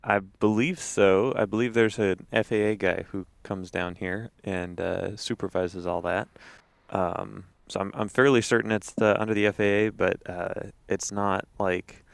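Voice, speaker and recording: Gravelly low-voiced man chatting casually. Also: unhurried, no room sound. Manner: relaxed, joking, hedging. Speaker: co-host. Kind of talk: casual chat.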